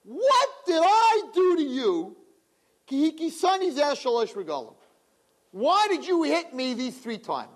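A man voicing a wronged talking donkey in a slow, high, pleading voice. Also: wildly swooping pitch, heavily acted. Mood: plaintive.

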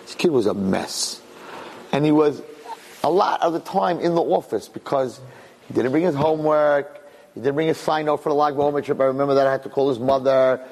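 A middle-aged man, a rabbi, telling stories to an audience in an animated way, repeating phrases and acting out dialogue. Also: medium pitch, a little fast. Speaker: rabbi and speaker. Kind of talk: storytelling talk to an audience. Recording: long reverb in a hall.

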